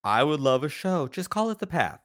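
A man's voice: on the high side, very animated, no room sound, studio quality. A man hosting a podcast, chatting eagerly and rambling through ideas. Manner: enthusiastic, rambling, quick restarts. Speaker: podcast host. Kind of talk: casual chat.

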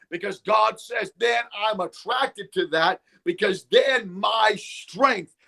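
Male preacher, high gravelly voice, fervent sermon delivery. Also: bright, forceful tone. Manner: fervent, repeating "come on now".

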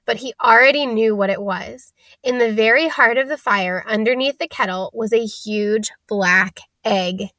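A woman narrating a storybook aloud in a steady, plain reading manner. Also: on the high side, a little slow, no room sound.

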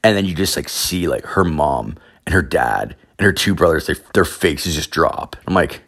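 This podcast host is a man with a bass voice, a bit bright and expressive, talking at normal speed. He tells rambling, casual stories, swearing and packing in fillers, especially "like."

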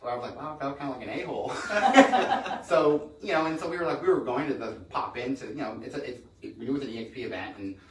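This middle-aged real estate guy has a medium-pitched voice with lively intonation as he tells quick, rambling stories in a casual podcast conversation, repeatedly restarting his sentences. Slight background noise comes through, and the mic is distant in an echoey room.

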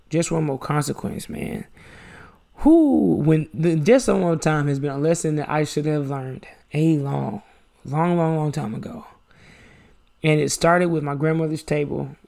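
A man's voice: on the high side, creaky, darkish tone. A young man hosting a faith-based podcast, teaching through casual personal stories and often checking in with "right?". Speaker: podcast host.

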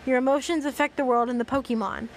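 A solemn, fatherly god creature speaking from the skies, as a woman reads him out in a storybook telling. The delivery slows and measures each phrase, though the voice stays fairly high. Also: steady tone, a little hiss or hum.

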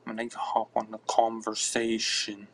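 A man hosting a podcast, chatting casually and offhandedly in a halting, mumbling way. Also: on the low side, completely flat delivery. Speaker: podcast host. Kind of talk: casual live-stream chatter.

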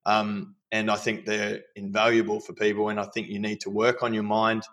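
A man's voice: lowish voice, monotone, normal speed, fairly bright tone. A man talking candidly in a casual conversation, telling personal stories. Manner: candid, storytelling with acted quotes.

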